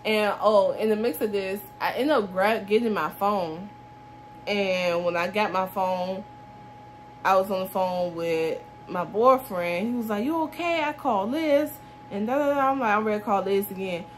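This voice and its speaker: A woman's voice: mid-range voice, normal speed, a little hiss or hum. A woman in her twenties telling a casual storytime vlog, acting out the quoted dialogue of everyone involved. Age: 20s. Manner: animated retelling that acts out quoted dialogue, with laughs.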